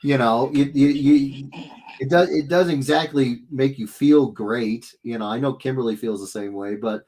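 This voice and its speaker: Man, stream host, casual chat, rambling, lively storytelling, mid pitch. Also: moderate pace, shouting, a little hiss or hum. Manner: rambling, self-interrupting, animated storytelling. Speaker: livestream host.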